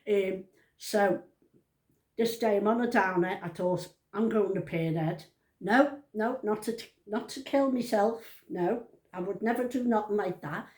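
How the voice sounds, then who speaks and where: Speaking a little slowly in a mid-range, slightly mellow voice, a woman in her 70s rambles through a family story at home for the camera. She keeps cutting herself off mid-thought, and the sound is reverberant.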